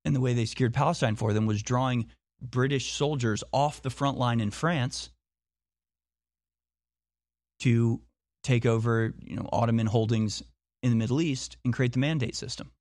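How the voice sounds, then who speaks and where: A man's voice: mid-range voice, moderate pace, darkish tone, dry recording, studio quality. A man talking in a monologue, insistent, firing off repeated rhetorical questions and often restarting his sentences. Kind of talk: monologue commentary.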